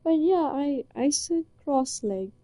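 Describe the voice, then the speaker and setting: A woman's voice: high-pitched, animated, takes it slowly, warm tone, no echo. A young woman from Britain chatting casually and rambling in a giggly, playfully flustered way. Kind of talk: casual chat to a listener. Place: indoors, under a blanket.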